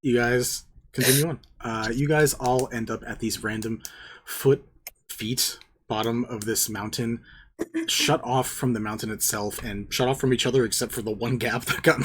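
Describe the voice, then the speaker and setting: A game master narrating a tabletop role-playing scene in a slow, deliberate way. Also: medium pitch, a little hiss or hum.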